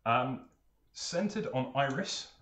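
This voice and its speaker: A man narrating as game master of a tabletop role-playing game, laughing often and filling pauses as he goes. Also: medium pitch, animated, fairly bright tone. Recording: roomy, with faint hiss.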